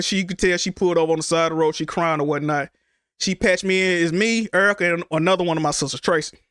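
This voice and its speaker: Casting note: young man, high voice, halting and emotional storyteller, dry close mic. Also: fairly bright tone, dry recording. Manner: emotional, halting retelling with repeated words. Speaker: streamer. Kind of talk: casual storytelling to stream viewers.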